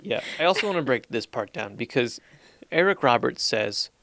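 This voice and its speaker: A man co-hosting a podcast in a casual movie review chat, sarcastically acting out lines from a bad film in a slow deadpan. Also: medium pitch, dry recording. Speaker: podcast co-host.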